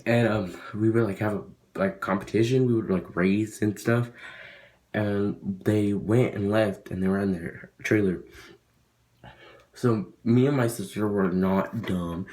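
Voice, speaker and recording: Young guy rambling thru a story time vlog, kinda low voice, lots of likes and ums. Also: darkish tone. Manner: rambling, lots of fillers and restarts. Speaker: vlogger. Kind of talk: casual storytelling.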